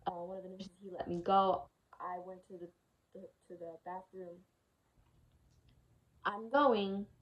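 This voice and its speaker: Speaking at a measured pace in a steady, mid-range voice, this young adult woman vlogs casually about something that happened to her. Her retelling is candid and emotional, full of swearing, with an exasperated, frustrated edge. The audio sounds like its highs have been cut off.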